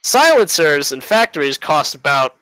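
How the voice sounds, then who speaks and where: A man's voice: on the high side, sing-song, moderate pace, bright, forceful tone, clean tone, dry recording, poor audio. A man giving a rambling, casual debate argument, full of fillers and little laughs.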